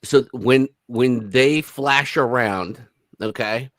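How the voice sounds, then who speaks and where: A man's voice: medium pitch, slow pace, crowd noise. A man giving sarcastic, casual commentary on videos, exclaiming and mocking as he goes.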